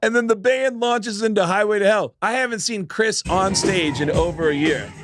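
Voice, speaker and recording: A man's voice: high voice, moderate pace, music in the background. A man co-hosting a podcast, telling a story in casual chat and acting out the quotes. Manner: animated, acts out quotes. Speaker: podcast co-host.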